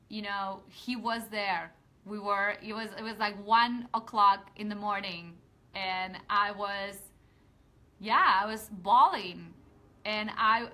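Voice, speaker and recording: Hosting a casual live video, a women's empowerment coach speaks directly to her online viewers in an earnest, heartfelt way. Her bright, forceful voice sits a little high, and she rambles and restarts sentences before rallying listeners with rousing calls to action.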